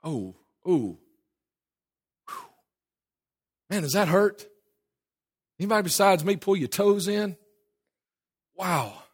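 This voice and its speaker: A man preaching a sermon in a slightly raised voice, pressing through it in a hurry. He swings from loud, emphatic declarations to quiet, low asides and restarts. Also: husky. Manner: hurried, with restarts and asides to a helper. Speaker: pastor.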